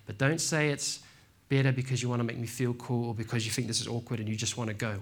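A man preaching a sermon in a relaxed, slangy way, telling stories and calling listeners "man" and "bro". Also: mid-range voice, quick pace, slight background noise. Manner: laid-back, slangy, says "man" and "bro". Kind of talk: casual sermon with storytelling.

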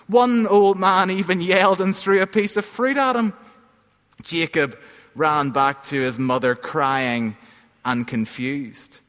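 A pastor telling a gentle story in a sermon, letting line endings fall soft. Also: male voice, high-pitched, in a large hall.

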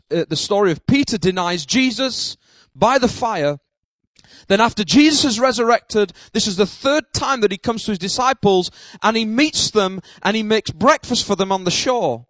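Guy preaching w a high voice, dry close sound, keeps throwing in amen and shouting bits. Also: dry recording. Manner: emphatic preaching with repeated amens and bursts of shouting. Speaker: pastor. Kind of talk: sermon.

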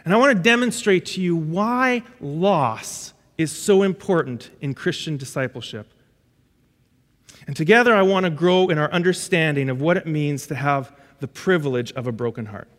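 A man with a high voice preaches a sermon, telling stories animatedly and often restarting his phrases. His voice rings out with a long reverb through an auditorium. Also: moderate pace. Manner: lively storytelling with frequent restarts. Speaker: pastor.

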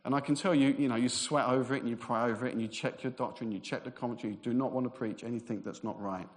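A man preaching a sermon, fast and excitable, with self-deprecating humor. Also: medium pitch.

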